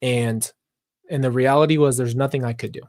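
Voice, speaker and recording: Hosting a reaction channel, an earnest man addresses his viewers directly during a live stream and wanders into long, reflective tangents. His ordinary male-pitched voice is brisk and darkish with fairly even intonation, recorded dry and close without room echo.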